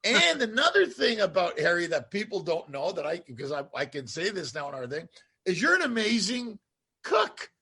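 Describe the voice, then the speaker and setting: A male host with a high voice and a gravelly, husky edge, chatting casually with his guest. He tells stories in a rambling, animated way, piling up restarts and asides. The tone stays loose and conversational throughout. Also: brisk. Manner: rambling, animated storytelling with laughs. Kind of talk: casual interview chat.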